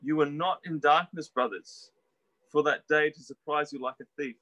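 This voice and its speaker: A man preaching a sermon in a conversational, animated way, putting questions to his listeners and acting out the voices he quotes. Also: normal speed, lo-fi sound. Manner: animated, acts out quoted voices with rising pitch.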